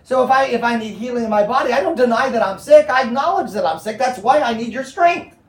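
Brief: male pastor, high voice, conversational Bible teaching, echoey room mic at a distance. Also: quick pace. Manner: conversational, checks in with the audience.

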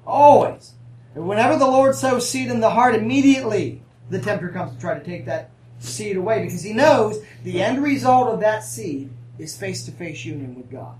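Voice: mid-range voice, lively intonation, normal speed, darkish tone, a little hiss or hum. A preacher delivering a conversational sermon, asking the congregation for amens and adding humorous asides. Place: church sanctuary. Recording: roomy, distant mic, faint ambience.

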